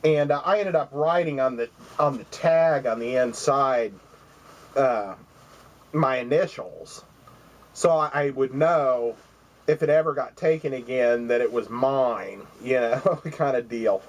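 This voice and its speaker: A man's voice: medium pitch, a little slow, rough recording. A man in his forties spins a long, rambling story straight to camera, swearing freely. He acts out the other people's lines in his own mid-range voice. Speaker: vlogger.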